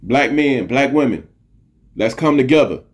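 A man's voice: mid-range voice, animated, measured pace. A middle-aged man hosting a podcast, giving an earnest, preachy motivational monologue, repeating phrases for emphasis and swearing casually. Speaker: podcast host.

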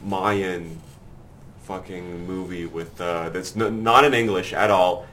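A man's voice: deep voice, steady tone, takes it slowly, a bit bright, a little hiss or hum. A man in casual, crude chat with friends, stoned and rambling.

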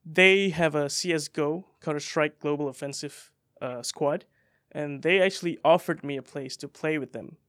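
A young man from Indonesia, a guest in a podcast studio, telling his story in a relaxed way with many fillers. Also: fairly high pitch, normal speed, hardly any pauses, no room sound. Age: young adult. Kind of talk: casual interview.

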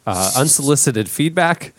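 A man in his thirties rambles through listener feedback as a podcast host, stopping and restarting his sentences often. His voice has an ordinary, middle pitch. The sound is dry and close, with no room echo. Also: animated. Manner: rambling, halting, full of restarts. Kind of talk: casual chat.

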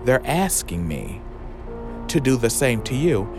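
A man's voice: medium pitch, very animated, measured pace. A man voicing a sassy, ruthless female demon queen with a campy, drawling diva delivery. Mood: taunting. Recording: music playing under the voice.

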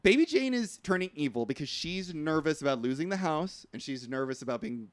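A man co-hosting a casual podcast chat, lively and quick to laugh, swearing casually. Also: a little high, dry recording. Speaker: podcast co-host.

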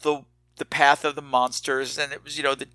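A man hosting a podcast, telling a rambling, self-mocking story in a casual, animated way. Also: medium pitch, brisk, dry recording. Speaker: podcast host.

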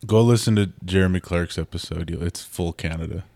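A man's voice: deep voice, a little fast, vocal fry, warm tone, no echo. A man from the Twin Cities with a Minnesotan accent, hosting a podcast in a wry, teasing casual chat. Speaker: podcast host.

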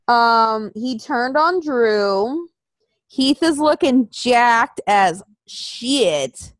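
Lively swearing woman on a podcast, slow drawn-out talk, pretty dry sound. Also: fairly high pitch, creaky, dry recording. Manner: profane, animated, mocking. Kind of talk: casual wrestling chat.

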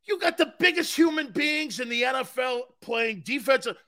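Sports talk host, male, excitable and emphatic, bright sharp voice. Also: normal speed. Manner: excitable, emphatic, swings between shouting and low asides. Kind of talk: animated sports talk monologue.

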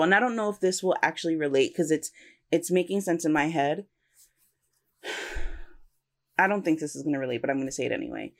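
A young woman co-hosting a casual podcast chat, reflective and searching for words, often restarting her sentences. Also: lowish voice. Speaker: podcast co-host.

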